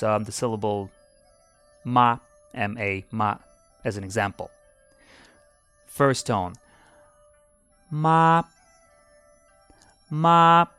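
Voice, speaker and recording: A man hosting a podcast lesson, speaking deliberately and demonstrating sounds by repeating syllables. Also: on the low side, sharp tone, clean tone, dry recording. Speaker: language teacher and podcast host.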